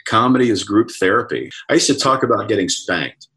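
A man with a deep, low voice talks through personal stories in a chatty, reflective way, often quoting what others said to him. He is a comedian and author, heard over a video call. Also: a little fast, pushed and bright, husky. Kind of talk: casual storytelling interview.

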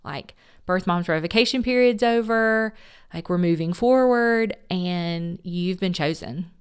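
A woman's voice: fairly low pitch, unhurried, clear, resonant tone. A woman who directs an adoption agency, speaking as an interview guest in an earnest, heartfelt, faith-filled way.

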